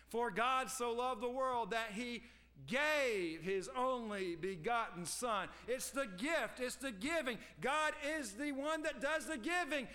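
High, bright-voiced man preaching emphatically. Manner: emphatic preaching with repeated phrases. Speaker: pastor. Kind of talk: sermon.

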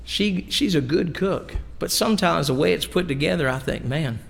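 A man preaches in a folksy, emphatic way, spinning homey asides about his wife's cooking into the message. His voice sits fairly high and carries a gravelly fry. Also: lively intonation, normal speed, long reverb tail. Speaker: pastor. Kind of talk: sermon. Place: church sanctuary.

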